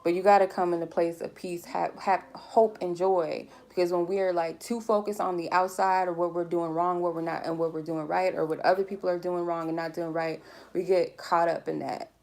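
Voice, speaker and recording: A woman's voice: on the low side, steady tone, normal speed, gravelly, darkish tone. A woman giving a collective tarot reading in a casual, rambling way, speaking candidly and swearing freely. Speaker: tarot reader.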